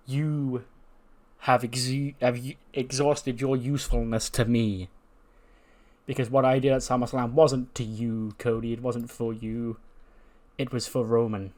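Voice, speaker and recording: A cocky male heel wrestler with a taunting, swaggering promo manner, as a man puts him on. He boasts and sneers in an improvised wrestling promo. His voice sits at an ordinary middle pitch. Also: close to an everyday voice. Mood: smug.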